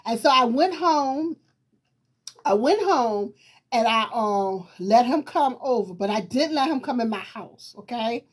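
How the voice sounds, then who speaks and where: High-voiced woman telling a story. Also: unhurried, breathy edge. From Virginia. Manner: lively, emphatic, laughs while telling. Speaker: talk show host. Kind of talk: storytelling to viewers.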